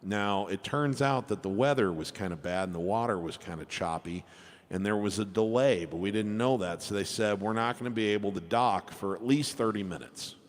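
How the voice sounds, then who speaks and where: A man's voice: lowish voice, moderate pace. A man, a piano entertainer, telling a chatty, rambling story between songs at a live show. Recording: long reverb with piano music.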